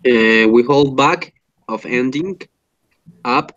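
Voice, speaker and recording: Male student, dry muffled call audio, halting reading, throat-clearing. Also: medium pitch, a bit bright, no echo. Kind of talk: reading aloud in class. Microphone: video call.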